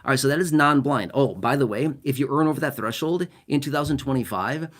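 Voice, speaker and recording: A man's voice: mid-range voice, brisk. A man hosting a casual explainer, chatty and digressive, often checking in with the listener. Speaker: YouTube host explaining disability benefits.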